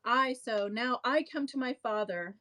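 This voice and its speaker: A woman's voice: a little high, measured pace, pushed and bright, pitched above the performer's own voice. A woman reading as a clownish male servant. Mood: theatrical lament. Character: clownish young male servant grieving over his family.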